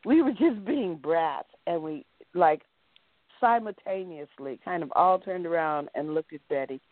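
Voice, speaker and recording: A woman, an actress guest in an interview, telling animated stories and acting out what people said. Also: low voice, measured pace, no echo. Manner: animated storyteller acting out quotes. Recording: dry, tinny phone-like line.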